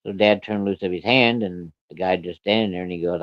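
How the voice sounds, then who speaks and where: Low-voiced man telling a blunt, folksy story. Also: a little fast, few pauses, dry recording. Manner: blunt, profane, folksy, with rural grammar. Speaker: storyteller recounting a personal encounter. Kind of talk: casual spoken storytelling. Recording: dull, lo-fi and dry.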